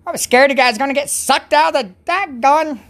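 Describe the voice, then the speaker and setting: A woman's voice: sits high, brisk, noisy background. Rambling woman hosting a devotional stream. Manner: rambling, self-interrupting, chatty. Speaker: host of a Christian livestream. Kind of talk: casual devotional chat.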